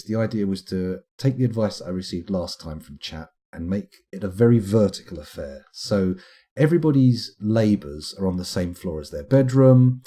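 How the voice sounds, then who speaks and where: Dark, husky British man rambling. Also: fairly low pitch. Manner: rambling, self-deprecating, chatty. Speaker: game streamer. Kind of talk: live stream commentary.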